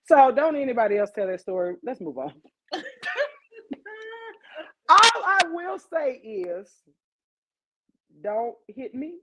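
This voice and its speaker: Lively woman podcast host, fairly high voice. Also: takes it slowly, long pauses, low-quality recording. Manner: animated, profane, talks straight to listeners. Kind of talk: casual comic storytelling.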